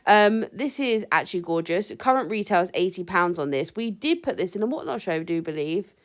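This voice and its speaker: A woman's voice: lowish voice, expressive, brisk. Chatty woman hosting a thrift vlog. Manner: chatty, bantering, explains brands. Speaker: thrift reseller and channel host. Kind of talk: casual vlog chat.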